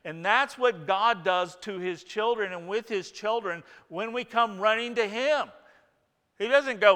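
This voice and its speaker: A man's voice: sits high, a little slow, pushed and bright, clean tone, big-room sound. A man preaching a sermon as pastor, talking conversationally and asking his listeners rhetorical questions.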